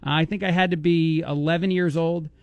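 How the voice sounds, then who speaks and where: Brief: New York man, radio host, higher voice, dry close studio sound, teasing banter. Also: steady tone, dry recording, muffled recording. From East Coast of the US. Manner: playful, teasing, quick joking. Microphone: studio microphone.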